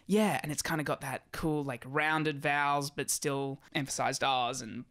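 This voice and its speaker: Smooth-voiced Australian man chatting. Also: a little high, unhurried. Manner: chatty, animated, says blah blah blah, backchannels a lot. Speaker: podcast co-host, actor. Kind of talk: casual chat.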